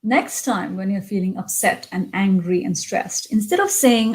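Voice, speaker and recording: Woman, executive coach, motivational talk; expressive conversational delivery, mid-range voice, frequent pauses. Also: mid-range voice, rough recording. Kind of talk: motivational self-help talk.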